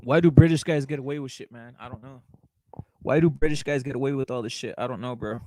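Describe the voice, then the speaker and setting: A young man hosting a relaxed fight talk stream, his voice mid-pitched and close on a dry mic. He is blunt and profane, circles back to the same phrases and keeps calling the audience brother while he answers live chat. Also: fast, dry recording, poor audio. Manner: blunt, profane, repeats himself, calls viewers brother; reacts to live chat comments. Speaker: boxing talk show host. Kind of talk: casual livestream chat.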